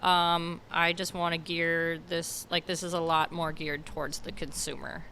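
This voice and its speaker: A woman's voice: on the low side, little pitch movement, measured pace, pushed and bright, a little hiss or hum. A woman guest on a podcast, talking in a casual rambling way, full of fillers and restarts. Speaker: podcast guest, car detailer.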